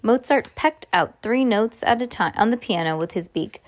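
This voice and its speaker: A woman reading a children's storybook aloud at home, expressive and lively with casual chatty asides to a child. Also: a little high, normal speed.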